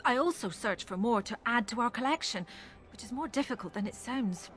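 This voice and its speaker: Speaking with an Irish accent, a woman portrays a pious chantry relic curator in a fantasy video game, thoughtful and earnest in her measured delivery. Her voice is a little high, animated, and a bit bright.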